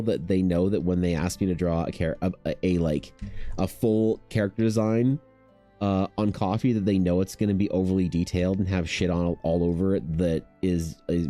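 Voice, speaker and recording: A man with a low, mellow voice rambling through a casual livestream chat. He jokes about himself and riffs with his viewers as he works. Faint music plays behind him. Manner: rambling, self-deprecating, joking with chat. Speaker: artist streaming commissions.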